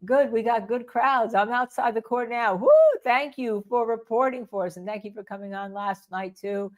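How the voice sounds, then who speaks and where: A woman's voice: fairly high pitch, fairly even intonation, moderate pace. An older woman who is a defense attorney, hosting live legal commentary in a rambling way and repeating points for emphasis.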